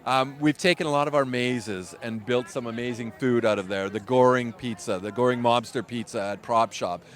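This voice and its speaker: A man's voice: medium pitch, moderate pace. A man talking in an outdoor interview at a theme park, enthusiastically rambling about the food on offer. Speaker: food and beverage staff. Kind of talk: casual interview.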